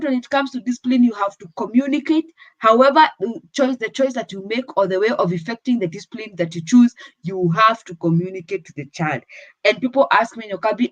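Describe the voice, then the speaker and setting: A woman's voice: mid-range voice, brisk, no room sound, dull audio. A woman with a Kenyan accent giving firm parenting advice on a talk show. She switches between English and Swahili.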